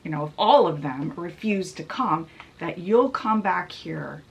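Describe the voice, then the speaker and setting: Casting: stern male beast making a deal, told by a woman retelling a fairy tale, measured and slow. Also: on the low side, expressive, creaky.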